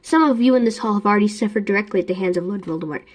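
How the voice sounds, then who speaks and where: A woman's voice: medium pitch, close to an everyday voice. A woman reading out the lines of a wise old male headmaster wizard in her own voice. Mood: solemn. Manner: reading quotes aloud, measured.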